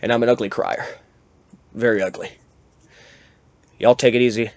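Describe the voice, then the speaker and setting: Rambling podcast host. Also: male voice, mid-range voice, moderate pace, background noise. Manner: rambling, self-deprecating, animated when riled up. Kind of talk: casual monologue.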